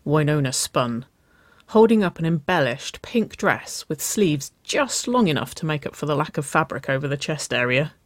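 A narrator reading a story aloud in a slow, measured way. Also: medium pitch, big pitch swings, no room sound.

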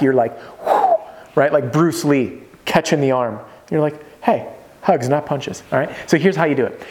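A man coaching salespeople in an energetic, conversational way, often checking in with his listeners. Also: medium pitch. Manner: energetic, conversational, peppered with "right?" check-ins. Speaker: roofing sales trainer. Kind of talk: motivational sales coaching monologue.

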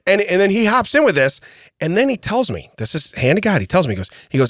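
Fast-talking and fairly high-pitched, this middle-aged podcast co-host keeps laughing and saying "okay?" as he tells a story in a casual, comedic chat. The studio mic gives studio-quality audio with no echo.

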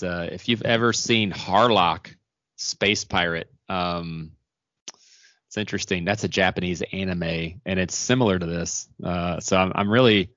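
A man's voice: deep voice, fairly bright tone, no room sound, highs cut off. A man co-hosting a podcast in casual chat, rambling with restarts and fillers. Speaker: podcast co-host.

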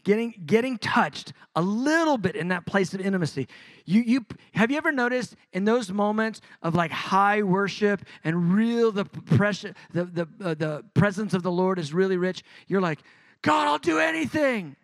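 Middle-aged preacher guy, talks casual but gets fired up, kinda high voice, dry close sound. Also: normal speed, dry recording. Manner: conversational, animated preaching with rising intensity. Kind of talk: sermon.

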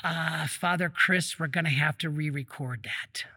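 A man voicing a sheepish male cameraman who quietly admits a mistake, lower and softer than his own voice. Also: slow, husky, dry recording, clean studio sound, big-room sound, exaggerated voice. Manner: hushed, hesitant.

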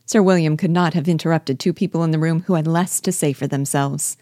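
Woman reading witty young lady, teasing, pointed, low mellow voice. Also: fairly even intonation, brisk, no room sound, clean studio sound, lightly acted.

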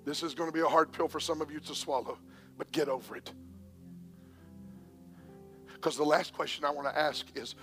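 A man preaching a sermon as pastor, swinging between hushed whispers and shouts, with faint music behind. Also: fairly high pitch, fairly even intonation, normal speed, long pauses. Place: church.

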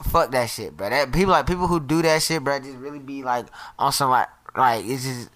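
A man's voice: medium pitch, fairly quick, a bit bright. A young man rambling in a casual chat, with lots of slang and fillers.

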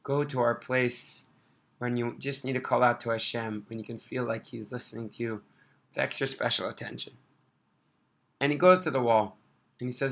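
A man telling an inspirational religious story in an animated, expressive way. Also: medium pitch, normal speed, creaky.

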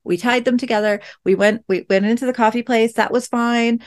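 A woman's voice: a little high, fairly even intonation, a little fast. Chatty woman host telling a parenting story. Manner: chatty, many "like" and "um" fillers, reflective. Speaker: podcast host and parent coach. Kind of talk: casual storytelling monologue.

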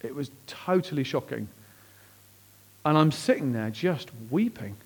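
Animated pastor telling a story. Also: male voice. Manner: animated, acts out quoted voices with big pitch jumps; drops to hushed, slow tones at emotional moments. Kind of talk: sermon storytelling.

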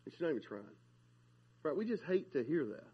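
A husky-voiced man delivers a sermon. His voice sits a little high, and he preaches in a conversational, animated way, with a chatty back-and-forth feel. The recording is slightly dull and lo-fi. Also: brisk. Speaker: pastor.

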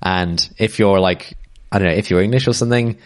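A man co-hosting a podcast in casual chat, hesitant, full of fillers and restarts, and quick to laugh. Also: low-pitched. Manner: laughs easily. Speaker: podcast co-host.

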